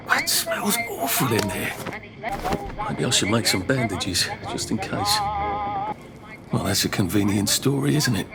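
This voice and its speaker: An actor playing a nervous, polite young Englishman in a video game, dry and muttering asides to himself, with an English accent. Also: medium pitch. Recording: noisy game audio.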